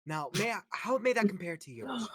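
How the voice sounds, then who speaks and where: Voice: medium pitch, lively intonation, a little fast, slightly rough, dry recording. A player voicing a boastful, pushy celebrity chef man in a tabletop game. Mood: pompous. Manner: pompous and demanding, boasting of awards.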